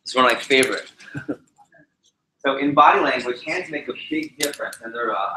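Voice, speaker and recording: A man training a live audience in public speaking, animated and shifting his speed and pitch to demonstrate his points. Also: fairly quick, background noise. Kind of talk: energetic presentation to a live group. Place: meeting room with a live audience. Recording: roomy echoey hall.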